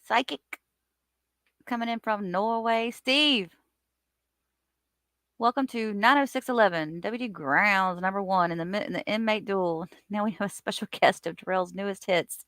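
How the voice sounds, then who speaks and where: A woman hosting a casual live stream, chatting and greeting her viewers by name in an animated way. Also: measured pace, pauses often, no echo, clean studio sound. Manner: animated, lively swings in pitch and loudness.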